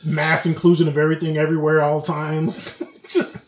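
A man's voice: a little high, flat delivery, normal speed. A man co-hosting a podcast who tells stories casually, swears freely and acts out the characters he quotes. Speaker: podcast co-host. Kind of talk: casual chat. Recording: echoey room.

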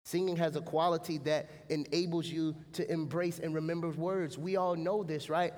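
A man preaching a lively sermon as pastor, often turning to the congregation with a quick "right?". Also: fairly high pitch, in a large hall. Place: church sanctuary. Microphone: stage mic.

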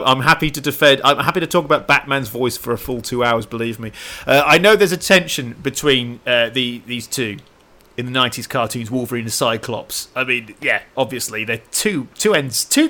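Lively bright-voiced man chatting. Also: mid-range voice. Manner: halting, many restarts, laughs often. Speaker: podcast co-host. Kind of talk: casual film podcast chat.

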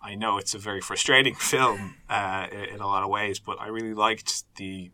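A man's voice: on the low side, fairly even intonation, normal speed, bright, forceful tone. A man on a film review panel, blunt and sweary, often restarting sentences. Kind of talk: casual film review chat.

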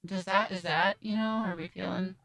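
A woman's voice: on the low side, steady tone, moderate pace, vocal fry, a bit bright, no echo. A woman co-hosting a podcast in playful, casual chat. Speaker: podcast co-host.

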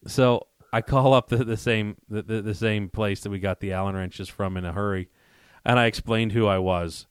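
Low-voiced man telling a lively story. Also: normal speed, smooth, no echo, clean studio sound. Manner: animated storyteller who acts out both sides of phone calls, laughing as he goes. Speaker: podcast co-host. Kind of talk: casual storytelling chat.

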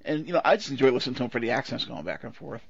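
A man's voice: medium pitch, very fast, creaky, slightly rough, no echo. A man co-hosting a podcast, chatting casually and irreverently about old films, laughing often as he rambles. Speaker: podcast co-host. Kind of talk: casual chat. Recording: dull lo-fi podcast audio.

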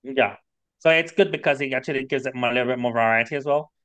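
A man's voice: medium pitch, fast talker, a bit bright, dry recording. A man appearing as a podcast guest from home on a video call, chatting bluntly and casually. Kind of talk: casual chat.

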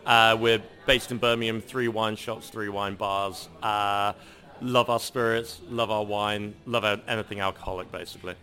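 Male shop owner, bright timbre, eager, restart-heavy answers. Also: on the low side, steady tone, moderate pace. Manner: enthusiastic, stammering restarts. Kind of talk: interview answers.

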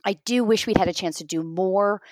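A middle-aged woman on a home mic, chatting as a guest actor. She tells lively stories and acts out the lines she quotes. Her voice is of middle height, in a dry room. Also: mid-range voice, fairly quick, no echo. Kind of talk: casual remote interview chat.

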